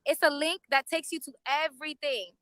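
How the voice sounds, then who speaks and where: Bright, animated woman streaming live. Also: high voice, moderate pace, dry recording, poor audio. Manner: animated, profane, talks straight to viewers. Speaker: YouTube livestreamer. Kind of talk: casual live-stream commentary. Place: outside a courthouse overflow room.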